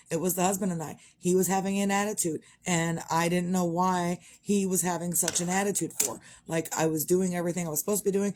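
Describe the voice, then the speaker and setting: A woman's voice: fairly low pitch, a little mellow. A middle-aged woman, talking frankly in a rambling, casual monologue and swearing freely. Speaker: vlogger.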